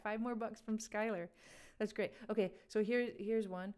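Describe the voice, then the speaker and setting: A woman's voice: medium pitch, normal speed, hardly any pauses, a little mellow, clean tone. A woman hosting a live music quiz game, chatting casually with viewers and laughing often. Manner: chatty, laughing, talks to chat. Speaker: livestream game host. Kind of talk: casual livestream chat.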